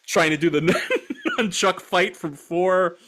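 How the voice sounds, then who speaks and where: A man co-hosting a film podcast, telling a story in a lively, profane, fast-bursting way. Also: high voice. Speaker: podcast co-host. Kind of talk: casual film podcast chat.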